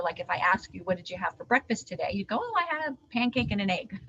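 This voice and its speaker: A woman trainer giving an animated live training talk to caregivers, teaching with hand gestures. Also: mid-range voice. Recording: dull lo-fi sound.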